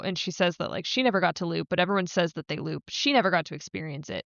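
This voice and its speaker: A woman's voice: lowish voice, fairly bright tone, clear, resonant tone, dry recording, muffled recording. Chatty woman podcast co-host. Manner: chatty, heavy "like" fillers, swears freely. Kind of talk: casual recap chat.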